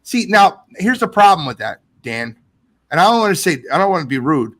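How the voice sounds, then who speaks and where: A man hosting a casual live sports podcast, reading viewer comments aloud in an animated way. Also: on the high side, fairly quick. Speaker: podcast host.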